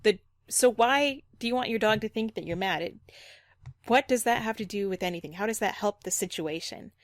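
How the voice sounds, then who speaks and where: A woman's voice: medium pitch, brisk, no room sound. A woman dog trainer giving reaction commentary, critical and explanatory, repeating her points firmly.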